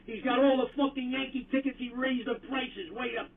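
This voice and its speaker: A man's voice: very high-pitched, fairly even intonation, a little fast, background noise. A man doing a ranting New York sports caller. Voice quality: profane, blustering rant. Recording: tinny phone-like clip from far off.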